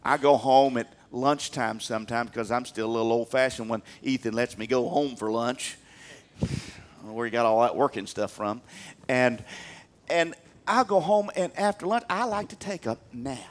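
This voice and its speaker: A man preaching a sermon in church, animated, swinging from loud emphatic peaks down to quiet asides. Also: medium pitch, normal speed. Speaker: pastor.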